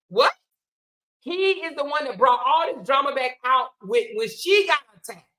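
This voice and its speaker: A woman's voice: sits high, moderate pace, low-quality recording. A woman giving heated, rhetorical commentary, firing off questions and emphatic asides. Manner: animated, rhetorical, emphatic, colloquial. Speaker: commentary host. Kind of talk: opinionated commentary.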